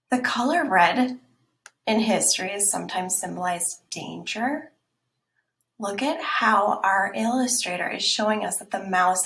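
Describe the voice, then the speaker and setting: A woman teacher reading a picture book aloud for children, slow and emphatic, often dropping into whispers. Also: medium pitch, creaky, a bit bright. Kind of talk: children's read-aloud lesson. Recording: echoey room.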